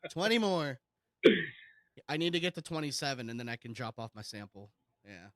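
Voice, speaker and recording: A man's voice: mid-range voice, sing-song, a little fast, a crowd in the background. A man in his thirties co-hosting a podcast, chatting crudely, swearing and laughing often. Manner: swears a lot, laughs often, says "dude". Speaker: podcast co-host. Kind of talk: crude casual chat.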